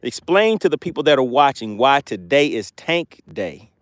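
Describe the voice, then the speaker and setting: A man's voice: medium pitch, sing-song, normal speed, no room sound. A man on a lake boat hosting a casual fishing livestream, chatting and reading viewer comments aloud. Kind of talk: casual live-stream commentary.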